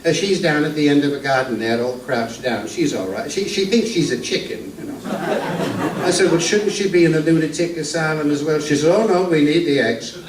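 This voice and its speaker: A man's voice: fairly high pitch, lively intonation, brisk, pitched above the performer's own voice, natural voice. An older man playing an old, henpecked music-hall comedian. He tells jokes in a rambling, stammering patter in a vaudeville routine. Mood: wry patter. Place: theater stage. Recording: echoey stage from a distance, faint room noise.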